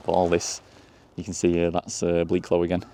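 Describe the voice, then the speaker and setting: A man's voice: low-pitched, completely flat delivery, brisk, mellow. A man chatting casually as he walks outdoors through countryside, rambling and chuckling. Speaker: walking tour vlogger. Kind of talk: casual walking commentary. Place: countryside fields and lanes, outdoors.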